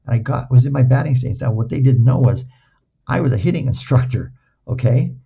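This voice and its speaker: A man's voice: medium pitch, expressive, fairly quick, vocal fry, mellow, slightly rough, muffled recording. An older man recovering from a stroke tells playful anecdotes, repeating words and acting out the dialogue. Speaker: guest. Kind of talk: casual anecdotal storytelling.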